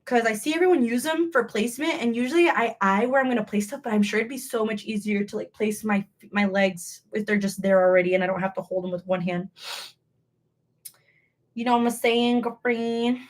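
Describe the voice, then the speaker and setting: A woman's voice: a little high, fairly quick. A young woman hosting a casual crochet livestream from home, talking to viewers while she works, bubbly and rambling, often joking at her own expense. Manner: bubbly, rambling, self-deprecating.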